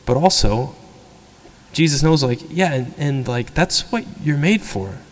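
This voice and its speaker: A man preaching a homily in a relaxed, conversational way, acting out quotes with lively energy. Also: on the high side, unhurried, in a large hall, slight background noise. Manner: conversational, animated, acts out quotes. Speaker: priest. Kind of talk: sermon. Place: church.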